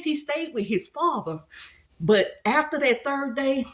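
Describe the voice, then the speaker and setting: A woman's voice: high voice, sing-song, normal speed, a bit bright. Woman retelling a Bible story casually. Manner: conversational and colloquial, retelling with voices. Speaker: speaker sharing a devotional.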